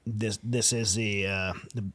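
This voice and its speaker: Low-voiced male podcast host. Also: steady tone, a little slow, a bit bright. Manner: searching, with rephrased questions. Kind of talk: conversational interview.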